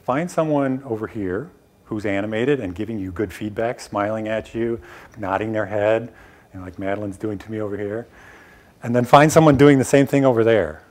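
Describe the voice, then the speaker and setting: A man's voice: on the low side, normal speed, darkish tone. A middle-aged man giving a live workshop talk on presenting science to a small room, direct and emphatic with casual asides. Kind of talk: live lecture to a small audience.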